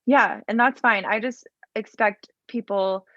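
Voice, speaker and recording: A woman's voice: on the high side, a little slow, pushed and bright, dry recording, highs cut off. A woman hosting a podcast, speaking casually and reflectively, with some hesitation. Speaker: podcast host. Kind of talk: casual chat.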